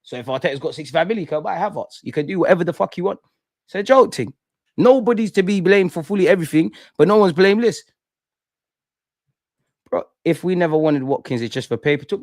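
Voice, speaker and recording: Young male host, heated slangy rant, higher pitch, dry room. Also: lively intonation, fairly quick, dry recording. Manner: impassioned, repetitive, slangy ranting. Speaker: fan channel host. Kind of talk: emotional fan rant to live stream.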